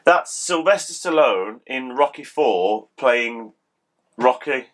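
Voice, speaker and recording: A man co-hosting a casual guessing game, animated and laughing, with mock outrage. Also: mid-range voice, slow pace. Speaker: co-host.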